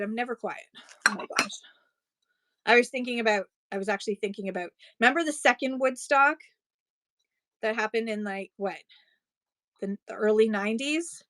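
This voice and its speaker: A woman's voice: mid-range voice, bright, forceful tone, dry recording. A woman in her forties, a live-stream seller chatting casually and digressing as she shows her items. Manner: chatty, digressive, quick to laugh. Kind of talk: casual chat while selling.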